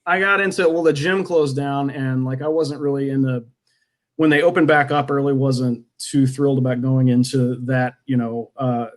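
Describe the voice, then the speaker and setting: A man's voice: mid-range voice, fairly even intonation, moderate pace. A man, a comedian guest on a podcast, chatting casually and rambling with many restarts. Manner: rambling, self-interrupting, laughs often.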